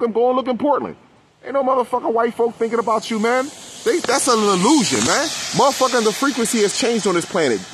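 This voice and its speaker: A man's voice: high voice, slight background noise. A man in an impassioned, profane rant, preaching to his audience as "my people".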